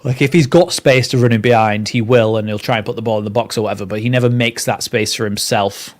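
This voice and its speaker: Guy doing chatty live match commentary for his fan stream, kinda low voice. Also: fairly even intonation, fast talker. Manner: chatty play-by-play mixed with rambling asides. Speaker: fan channel host.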